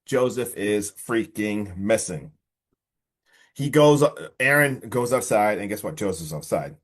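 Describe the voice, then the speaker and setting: Excitable man retelling a film. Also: on the low side, unhurried. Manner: animated retelling, acts out the characters; excitable, slangy. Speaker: podcast host. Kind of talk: casual podcast film review.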